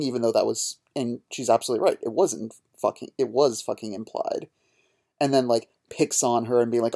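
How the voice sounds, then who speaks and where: Gravelly-voiced man ranting on a podcast. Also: mid-range voice, fairly quick, warm tone. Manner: heated, profane ranting. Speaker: podcast co-host. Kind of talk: casual podcast discussion.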